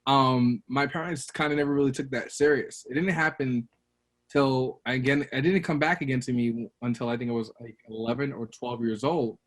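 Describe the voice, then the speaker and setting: Brooklyn guy in his 30s, middle pitch, chatty interview guest, acts out his own stories. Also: moderate pace. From Brooklyn, New York. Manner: animated storyteller, acts out quotes with a raised voice. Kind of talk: casual interview storytelling.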